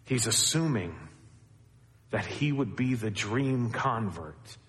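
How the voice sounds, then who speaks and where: Slow and animated, a man delivers an expository sermon with a fairly bright tone and a long reverb tail. He addresses listeners as "beloved," his voice climbing to emphasize key ideas.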